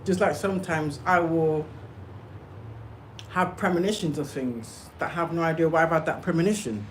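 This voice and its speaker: A woman with a low-sitting voice speaks at a moderate pace to her livestream viewers, emphatic and insistent, often checking in with "okay?" and "yeah?". She's a spiritual livestreamer giving a casual monologue. The audio is poor, with a little hiss or hum.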